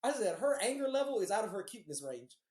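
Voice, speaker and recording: A man's voice: sits high, sing-song, fast talker, darkish tone. Man telling rambling stories in a roomy room. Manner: rambling, profane storytelling. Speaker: podcast co-host. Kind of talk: casual chat.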